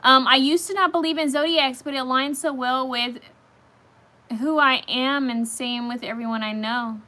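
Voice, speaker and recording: A woman's voice: high voice, steady tone, normal speed, sharp tone. A woman hosting a casual live stream, chatting straight to her viewers and reacting to their comments as they come in.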